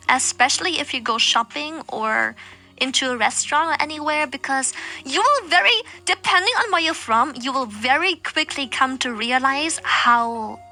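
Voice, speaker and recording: High bright German-accented woman streamer. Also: gravelly. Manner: animated, explains with acted-out examples. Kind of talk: casual stream chat.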